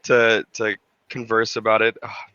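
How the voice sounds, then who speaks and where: Bright-voiced man in rambling casual chat. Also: medium pitch, moderate pace, dry recording, dull audio. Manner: rambling, many fillers and restarts, swears casually.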